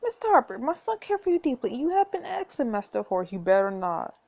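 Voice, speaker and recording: A stern elderly countess from a story game, as a woman reads her aloud. She speaks in a formal, commanding way, and the voice is a touch high. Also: big pitch swings, fast talker, vocal fry, mellow, lo-fi sound, heavily acted.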